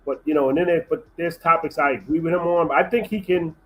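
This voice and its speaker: A man's voice: a little high, quick pace, a bit bright, low-quality recording. A man on a livestream panel, voicing opinions hesitantly with frequent restarts. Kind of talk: casual discussion.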